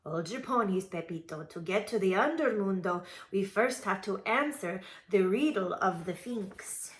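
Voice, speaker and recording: A woman voicing the biggest of a pack of little chihuahua dogs, a male leader speaking lower and calmly commanding. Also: measured pace, close to an everyday voice.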